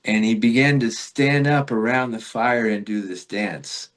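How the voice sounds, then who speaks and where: A man from Florida, a podcast guest, telling a rambling spiritual story in a reflective, casual way with fillers and soft laughs. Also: fairly low pitch, a little slow.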